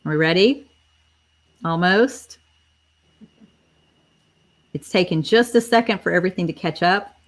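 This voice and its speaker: A woman with a slightly low voice hosts a casual live stream, talking straight to her viewers in a chatty, running commentary. She spells things out carefully and keeps everyone in the loop, all through a computer mic. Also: a little slow, pauses often. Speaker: livestream host running a giveaway.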